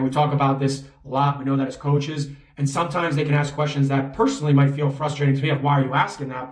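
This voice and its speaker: This is a spoken coaching talk by a man with a medium-pitched, somewhat mellow voice. He's conversational and often checks in with "right?", and the distant mic picks up a roomy echo.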